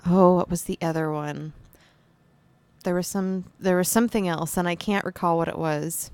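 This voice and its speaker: A woman's voice: on the low side, fairly even intonation, moderate pace, darkish tone, clean tone, no echo. A woman co-hosting a casual podcast, telling stories in a playful, teasing way. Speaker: podcast co-host. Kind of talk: casual chat.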